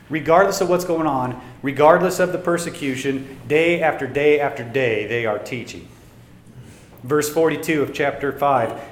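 Man preaching in an echoey room. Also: mid-range voice. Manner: preaching with dynamic swings between loud emphasis and quiet asides. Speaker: pastor. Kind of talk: sermon. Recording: echoey room with faint ambience.

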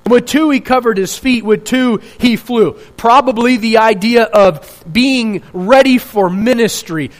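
A man's voice: high-pitched, poor audio. A male pastor preaching a sermon in an earnest, searching way, asking rhetorical questions and restarting his phrases.

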